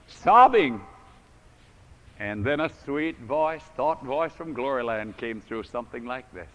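A man preaching a storytelling sermon to a congregation, acting out the voices in the story with big swings from hushed to loud. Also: mid-range voice, sing-song, takes it slowly, muffled recording. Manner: dramatic, acts out quoted voices with big swings in volume. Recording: echoey hall recording.

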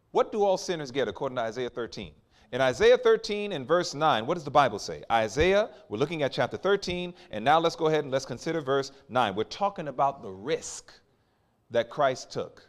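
A man preaching a sermon, questioning the congregation, reading scripture slowly and forcefully, and swinging between quiet asides and loud climaxes. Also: medium pitch. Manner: questions the congregation and waits for replies.

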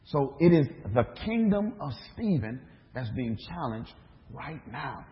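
A man's voice: mid-range voice, very animated, measured pace. A minister preaches to his congregation, telling his story and voicing its dialogue, then turning it into questions for the listeners. His voice rings out in a hall with long reverb. The recording is dull and muffled. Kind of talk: sermon.

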